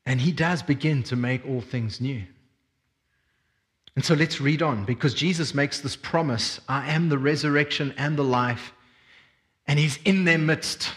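A man preaching a sermon as a pastor, reading scripture and expounding it with expressive emphasis. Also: mid-range voice. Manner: expressive preaching, swings between quiet reflection and emphatic energy.

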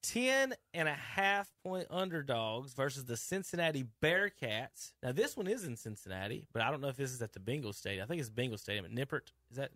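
A man's voice: mid-range voice, sing-song, fairly quick, few pauses, bright, forceful tone, no room sound, studio quality. A man hosting a casual sports talk radio show, easygoing and running through the picks. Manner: easygoing, runs the picks, laughs often.

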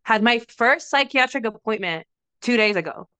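A woman's voice: fairly high pitch, lively intonation, moderate pace, fairly bright tone, smooth, no room sound. A young adult woman from Mexico with a faint Mexican accent, co-hosting a podcast in casual chat and telling profane stories with plenty of laughter; she says she is sick. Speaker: podcast co-host.

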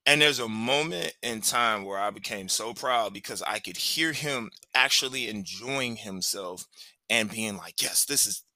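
Man with a sharp, bright voice. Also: fairly low pitch, unhurried, no echo. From Cleveland, Ohio, USA. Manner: loose and conversational, full of "like" and "you know". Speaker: podcast host. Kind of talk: casual personal storytelling.

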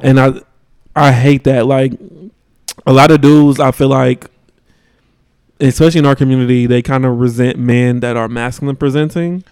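A man in his thirties, a podcast co-host, telling a story in casual chat and acting out the quotes with big jumps in pitch. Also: steady tone, normal speed, darkish tone, clear, resonant tone, no echo, clean studio sound.

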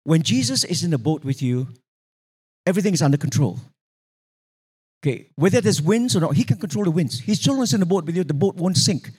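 Man, preacher, high voice, animated sermon storytelling, calls for congregation responses. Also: a little fast, husky. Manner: animated storytelling, acting out quoted voices, sudden pitch jumps.

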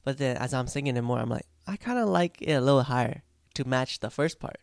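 A man's voice: mid-range voice, animated, fast, vocal fry, dry recording, clean studio sound. A young man talking casually about practicing his song, rambling and reflective, with lots of fillers and restarts. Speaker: vlogger recording his own song. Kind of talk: casual vlog talk.

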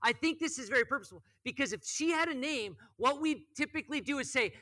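A man's voice: very high voice, expressive, normal speed, sharp tone. A young man preaching a casual sermon as pastor, chatty and joking, with lots of "like" fillers.

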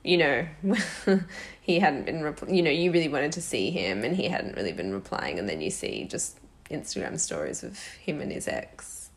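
A woman's voice: a bass voice, big pitch swings, moderate pace. A young woman co-hosting a podcast, giving blunt, frank advice in casual chat with frequent swearing. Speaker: podcast co-host.

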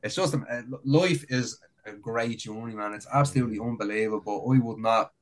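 A man's voice: mid-range voice, moderate pace, poor audio. A man, a guest on a casual podcast, speaking earnestly and motivationally with many "like"s. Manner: earnest, motivational, full of fillers like "like".

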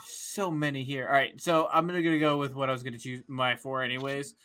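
A man's voice: medium pitch, fast talker, smooth. Easygoing man hosting a podcast. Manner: relaxed, hesitant, lots of ums. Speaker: podcast host. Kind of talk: casual chat.

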